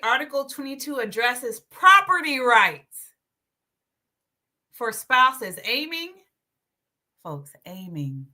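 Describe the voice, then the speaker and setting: A woman hosting a casual livestream, chatty and animated, reading aloud from her notes while sharing her screen. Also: on the high side. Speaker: livestream host.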